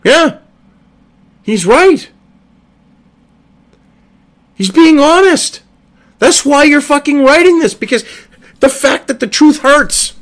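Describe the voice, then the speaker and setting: A man's voice: very high-pitched, lively intonation, slow, long pauses, fairly bright tone. A man giving heated, profane commentary from his computer desk, exasperated and cursing freely. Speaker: online political commentator. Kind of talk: ranting commentary.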